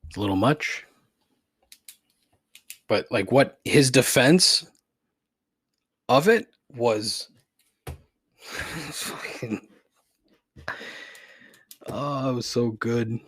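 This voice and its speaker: A man's voice: mid-range voice, slow, pauses often, breathy edge, no room sound. A man hosting his own podcast, ranting in frustration and laughing at himself as he swears a lot. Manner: frustrated, swearing, self-deprecating with rueful laughs. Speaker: podcast host. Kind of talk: solo podcast rant.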